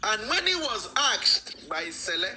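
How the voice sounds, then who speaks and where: A man's voice: sits high, very animated, a little slow, pushed and bright, slight background noise, rough recording. A man, speaking as a guest in a live-stream discussion, emphatic and repeating phrases for stress.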